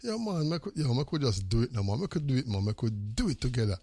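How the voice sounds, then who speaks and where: Animated Jamaican radio host with gravelly voice. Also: male voice, medium pitch, quick pace. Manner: animated, repetitive call-outs with patois. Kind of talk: lively radio shout-outs.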